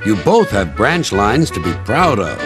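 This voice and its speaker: A man's voice: fairly low pitch, big pitch swings, measured pace, over music. A man voicing a kindly male engine with an encouraging manner.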